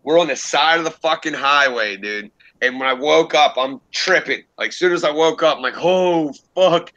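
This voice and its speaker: A young man hosting a casual livestream, telling a rambling story full of swearing and laughter. His voice is very bright and forward, and it sounds dry and close, with almost no room around it. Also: fairly high pitch, fairly quick, no room sound, lo-fi sound. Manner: animated, profane storytelling with laughs. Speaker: livestream host.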